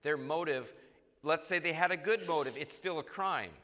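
Preacher in a reverberant hall. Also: male voice, a little high, normal speed. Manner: earnest, acts out quoted voices with sudden loud jumps. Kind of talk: sermon. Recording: long reverb in a large hall.

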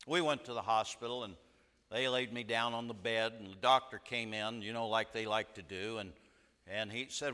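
A man preaching a sermon, telling stories in an emphatic way with dramatic pauses. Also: fairly low pitch, steady tone, sharp tone, long reverb tail.

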